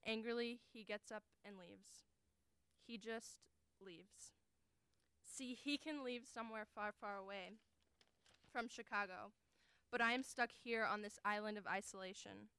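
A woman's voice: medium pitch, fairly bright tone, clear, resonant tone, no room sound. Young woman doing a dramatic prose reading, earnest and weighty, super clean voice, dead dry sound. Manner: earnest, deliberate, emotionally weighted delivery. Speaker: college forensics team performer.

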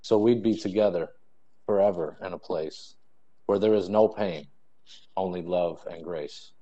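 A man's voice: deep voice, mellow, highs cut off. A young man reading his own rhyming poems aloud at an online poetry event over a video call. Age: young adult. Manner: measured rhyming recitation. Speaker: student poet.

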